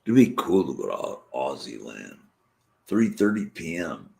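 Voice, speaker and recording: A man's voice: a bass voice, very animated, moderate pace, vocal fry, dark tone. A man hosting his own late-night live stream, rambling casually to the chat. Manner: rambling, drifting, talking to the chat. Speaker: channel host.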